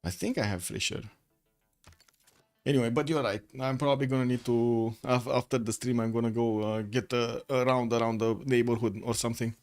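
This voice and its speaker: Man, mid-pitched voice, live game caster, rambling with fillers, soft music behind. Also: fairly even intonation, brisk. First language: Romanian. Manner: chatty, thinks aloud with many fillers. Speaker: esports caster. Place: home room with the window shut.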